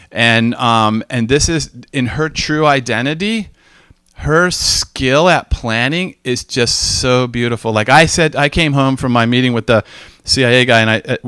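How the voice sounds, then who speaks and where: A man's voice: medium pitch, a bit bright, smooth, no echo. Guy giving a casual talk, storytelling, does little voices for people he quotes, dry close mic. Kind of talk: informal teaching talk.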